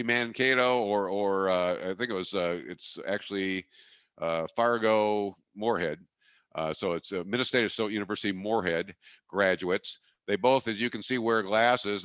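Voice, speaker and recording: A man's voice: on the low side, a bit bright, no room sound, highs cut off. A middle-aged man from Wisconsin giving a folksy, jokey, emphatic marketing webinar talk.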